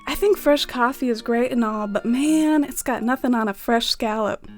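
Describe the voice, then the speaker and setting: A relaxed, drawling male sea otter from a video game, easygoing and fond of scallops, read aloud by a woman. The stoner voice sits somewhat high, with faint music playing behind. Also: normal speed, lightly acted. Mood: mellow drawl. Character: laid-back male sea otter, scallop-loving drifter. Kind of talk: reading game dialogue aloud.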